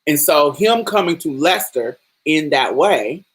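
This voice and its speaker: Husky-voiced woman podcaster, emphatic and profane. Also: low voice, animated, measured pace. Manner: emphatic and profane, acts out quoted lines. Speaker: podcast host. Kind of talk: casual film commentary.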